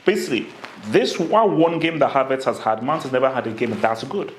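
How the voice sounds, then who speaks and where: A man co-hosting a football podcast, making his case in measured lists with frequent "I mean" fillers. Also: mid-range voice, lively intonation. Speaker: podcast co-host. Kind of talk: casual football chat. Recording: echoey room with faint noise.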